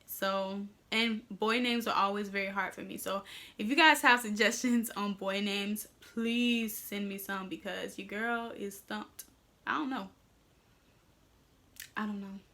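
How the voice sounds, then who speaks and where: Young woman, casual vlog chat, candid, bright voice, a bit winded. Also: medium pitch, fairly even intonation, measured pace. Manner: chatty, candid, addresses viewers as y'all. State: slightly out of breath. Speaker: vlogger. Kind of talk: casual pregnancy update vlog.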